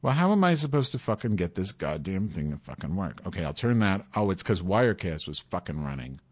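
A man's voice: sits low, sing-song, brisk, breathy edge. A man hosting a live online show, cursing constantly and exasperated with his technical setup. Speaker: livestream host. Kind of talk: frustrated casual livestream chat.

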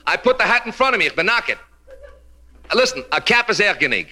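A man's voice: high voice, sing-song, fast, pushed and bright. Brash man doing stand-up jokes. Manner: brash, teasing audience banter with Yiddish punchlines. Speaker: stand-up comedian. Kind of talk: nightclub stand-up routine. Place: live club before an audience.

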